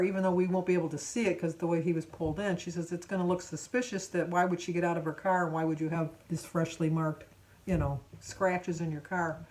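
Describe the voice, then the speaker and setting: A woman in her seventies telling a rambling, chatty story in a casual vlog, full of fillers and restarts. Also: on the low side. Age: 70s. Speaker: vlogger.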